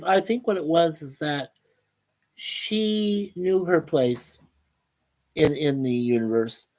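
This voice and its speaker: A man's voice: a little high, slow pace, a little mellow. A man hosting a casual live stream. He reads chat messages aloud and talks in an upbeat, rambling way. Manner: upbeat and easily delighted.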